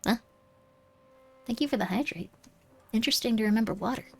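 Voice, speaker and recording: A woman's voice: fairly high pitch, a little fast, gravelly, husky. A woman streaming a game live, chatting playfully and reading the on-screen text aloud. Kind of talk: live-streamed gameplay commentary.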